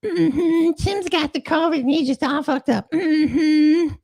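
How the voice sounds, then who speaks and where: A man's voice: a little mellow, dry recording, full character voice. A man putting on the voice of a mocking, sing-song woman who drawls her words. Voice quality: high, creaky, drawn-out.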